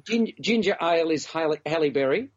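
Teasing man, slightly higher voice, muffled. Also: expressive, brisk. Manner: chatty, teasing, talks in long run-on stretches. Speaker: film reviewer co-host. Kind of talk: casual podcast chat about a film.

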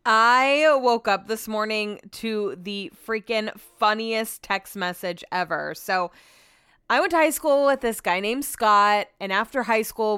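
A chatty woman podcaster speaks from a room in her home and relays a story, slipping into other people's lines as she goes. Her voice is smooth and clear. The sound is dry, close and crisp. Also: medium pitch, a bit bright, no echo. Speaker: podcast host. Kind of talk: casual solo storytelling.

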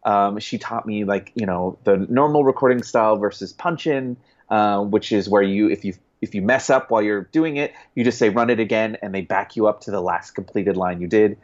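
A man, a guest author, chatting casually in an interview, rambling with restarts and quick laughs. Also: lowish voice. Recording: dull lo-fi sound.

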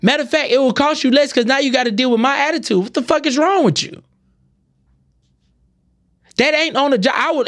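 High-voiced man ranting hotly. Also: brisk. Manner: profane, heated, animated ranting. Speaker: podcast host. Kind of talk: ranting comedic monologue.

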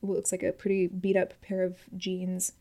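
A woman's voice: fairly low pitch, monotone, normal speed, dark tone. Wry woman narrating as game master. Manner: wry, descriptive storytelling. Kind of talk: narrating a tabletop horror game.

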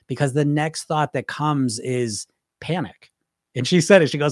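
A man's voice: mid-range voice, normal speed, no room sound, studio quality. A man coaching about weight loss in a casual, rambling live-stream talk, full of restarts and asides.

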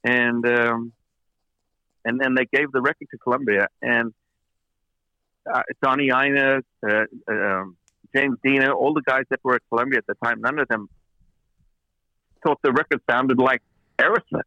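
A man's voice: medium pitch, fairly even intonation, normal speed, pauses often, sharp tone, no echo, muffled recording. A man, a record producer as an interview guest, telling long anecdotes with many fillers and restarts. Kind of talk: interview storytelling.

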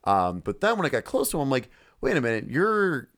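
A man's voice: mid-range voice, wildly swooping pitch, quick pace. Man, podcast co-host, casual chat, rambling, swears a lot, acts out his reactions.

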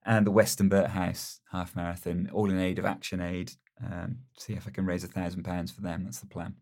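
Man, low voice, casual chat, self-deprecating, hesitant. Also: little pitch movement, fairly quick, darkish tone. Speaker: guest colleague.

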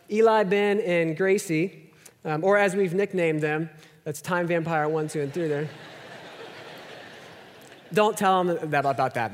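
A man's voice: fairly high pitch, a little hiss or hum. A man in his thirties preaching a conversational, self-deprecating sermon, often dropping to a near-whisper for emphasis. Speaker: pastor. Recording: long hall reverb.

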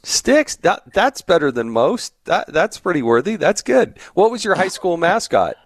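A man hosting a podcast, telling stories in a casual, chatty way and teasing his guest with quick questions. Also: on the high side, sing-song, no echo. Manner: chatty, teasing, with frequent restarts. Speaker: podcast host. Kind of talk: casual conversational storytelling.

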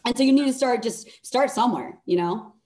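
A woman guesting on a podcast, giving blunt, energetic motivational advice and swearing for emphasis. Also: on the high side, fairly quick. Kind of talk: casual motivational chat.

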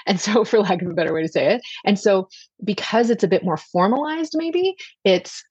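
A woman's voice: medium pitch, lively intonation, fairly quick, darkish tone, husky, dry recording, dull audio. A woman in her forties, a pediatrician guest, talking earnestly in a casual podcast chat. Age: 40s. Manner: earnest, chatty.

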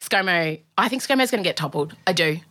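Animated Australian woman telling a story. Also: fairly low pitch, a little fast. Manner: animated storyteller acting out both sides of a conversation. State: sick with a cold. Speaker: podcast co-host. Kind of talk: casual chat.

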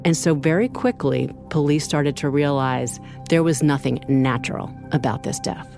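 A woman with a notably low voice narrates true crime in a measured, explanatory way. Faint music sits beneath her. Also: creaky, darkish tone. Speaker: co-host.

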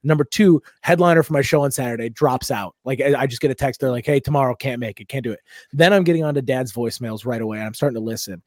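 A young man hosts a comedy podcast and spins a long, animated story with plenty of swearing. His voice sits in the middle of the male range. The sound is close and dry, with almost no room around it. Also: mid-range voice, fast talker, hardly any pauses, no echo. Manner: loose, profane, animated storytelling.

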